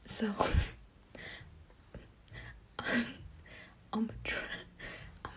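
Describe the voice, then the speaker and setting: A woman, a native Spanish speaker, whispering in a breathy, giggly, nervous way. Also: extremely slow, a bit bright. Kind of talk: whispered talk.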